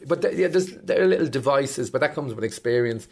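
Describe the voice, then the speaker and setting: Gravelly Irish man in his fifties. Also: mid-range voice, brisk. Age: 50s. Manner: animated storyteller acting out voices. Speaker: stand-up comedian guest. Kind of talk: casual interview chat.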